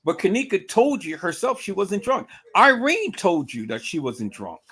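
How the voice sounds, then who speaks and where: A man's voice: sits high, big pitch swings, normal speed, fairly bright tone, husky. A man giving casual livestream commentary, emphatic and repetitive, asking rhetorical questions.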